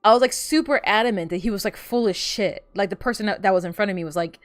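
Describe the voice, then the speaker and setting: A woman streamer chats casually while playing a game, telling rambling stories packed with fillers. She talks fast in a medium-pitched voice on a dry recording.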